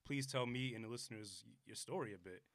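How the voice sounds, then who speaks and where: Young male podcast host, rambling and loose, quick, bright, dry close sound. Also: medium pitch, no echo. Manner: rambling, laid-back slang. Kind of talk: casual podcast chat.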